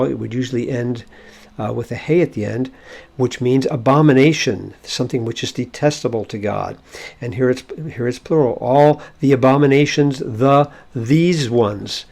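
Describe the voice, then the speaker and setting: A man's voice: medium pitch, gravelly, darkish tone. A man teaching a short biblical Hebrew lesson, explaining a verse word by word and thinking aloud with fillers.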